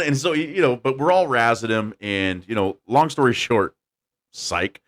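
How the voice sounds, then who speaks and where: A man hosting a podcast, telling a story in a casual, animated way and laughing as he goes. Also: medium pitch. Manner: animated, laughing storyteller doing quick voices. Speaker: podcast host.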